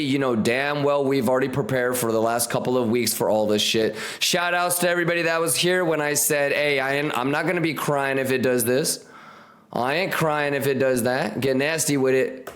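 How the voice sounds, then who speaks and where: A man's voice: medium pitch, moderate pace, a bit bright. A man hosting a live trading stream, hyped and slangy, repeating catchphrases and talking straight to his viewers.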